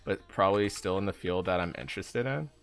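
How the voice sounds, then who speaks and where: Young guy streaming games, kinda low voice, rambly w lots of "like"s, chatting to viewers. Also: a little fast. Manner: rambling, filler-heavy, talks to chat. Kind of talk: casual live-stream chat while gaming.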